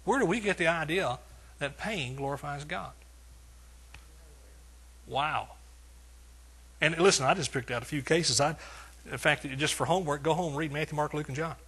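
Husky preacher man, emphatic and bright. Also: fairly high pitch, normal speed, long pauses. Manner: preaching with emphatic repetition and rising swells. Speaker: pastor. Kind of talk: sermon.

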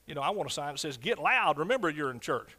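A man's voice: animated, very fast. Fervent preacher man. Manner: fervent, swings from loud shouts to low asides. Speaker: pastor. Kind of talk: sermon.

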